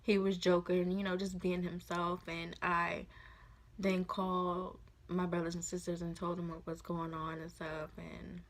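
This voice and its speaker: A woman in her twenties tells a personal story in a casual vlog, speaking softly and haltingly with many fillers. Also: on the low side, flat delivery. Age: 20s. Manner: soft, halting, full of fillers. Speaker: vlogger.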